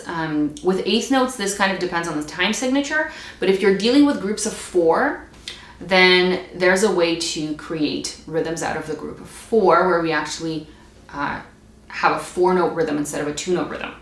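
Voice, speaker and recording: In an echoey room, a music teacher with a lowish, fairly bright voice walks through a string practice technique step by step. She is patient and demonstrates as she goes, with a bowed string instrument playing between her lines.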